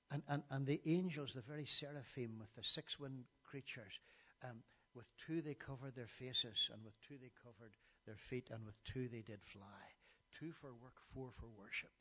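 A man's voice: mid-range voice, bright, forceful tone, slightly rough. A middle-aged man preaching a sermon, reciting scripture passages with emphasis and now and then stumbling over his words.

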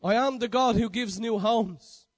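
A man with a notably high-pitched voice delivers a sermon. He stacks emphatic, repeated declarations one on another and catches and corrects his own slips as he goes. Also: measured pace. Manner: emphatic, repetitive declarations with frequent self-corrections. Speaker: preacher.

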